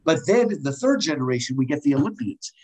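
This is a rough recording of a fast-talking American man with a voice on the high side. As a guest lecturer, he gives a casual, lively explanation of Greek drama, full of digressions and restarts.

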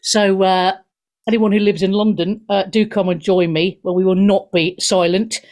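A middle-aged woman from Wales hosting a talk radio show, sarcastic, profane and animated as she rants into a studio mic. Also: mid-range voice, moderate pace.

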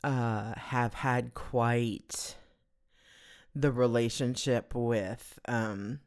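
A woman's voice: rumbling low, steady tone, drawn-out words, a little mellow. A woman hosting her own podcast, chatting casually on her own in a rambling, self-deprecating, giggly way. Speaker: podcast host. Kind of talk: casual solo podcast chat.

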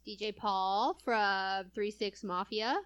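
A woman's voice: mid-range voice, fairly even intonation, takes it slowly, fairly bright tone, smooth. A woman in her early thirties chatting casually, laughing often and poking fun at herself. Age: 30s. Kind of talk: casual chat.

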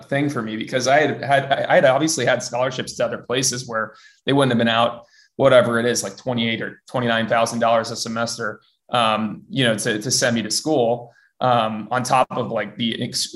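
A young man at an ordinary middle pitch tells his story at an easy, conversational pace. He rambles, stacking "um" and "like" and restarting his sentences as he goes. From US West Coast. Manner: rambling, many fillers and restarts. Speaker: former college football player, guest. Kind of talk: casual interview storytelling.

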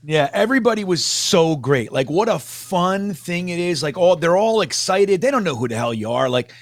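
High-voiced excitable man on a dry mic. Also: moderate pace, dry recording. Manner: excitable storyteller, laughs often. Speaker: panelist. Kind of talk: casual sports panel talk.

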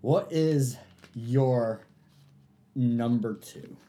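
A man's voice: medium pitch, drawn-out words. A man co-hosting a casual podcast, throwing questions and reactions to his co-host in an easy way. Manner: relaxed, reacting and prompting questions. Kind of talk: casual chat.

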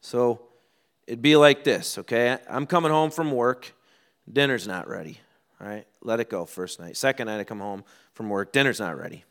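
A middle-aged male pastor delivers a sermon, with a bright, forward tone in his voice. He tells stories from his own home and acts out quoted lines, swinging from loud to hushed as he goes. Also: medium pitch, moderate pace. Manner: animated storytelling, acts out quotes.

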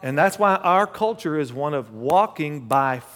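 A male pastor preaching a sermon and telling a personal story, animated, swinging between loud bursts and hushed asides. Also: fairly high pitch, unhurried. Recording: long hall reverb.

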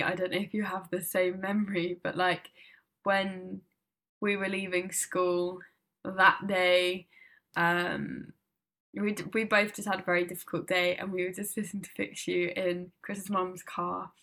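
A young woman talks in a loose, rambling way, often breaking into laughter. Her voice is bright and clear, at a middling pitch for a woman. She swears freely and casually. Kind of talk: casual chat.

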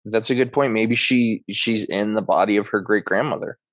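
A man's voice: on the low side, normal speed, fairly bright tone, no echo. A man on a podcast, chatting casually and agreeably about a TV episode. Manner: agreeable, supportive.

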